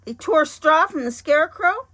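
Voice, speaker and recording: A woman reads a children's storybook aloud, clear and expressive. Her voice is bright and slightly high. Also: normal speed.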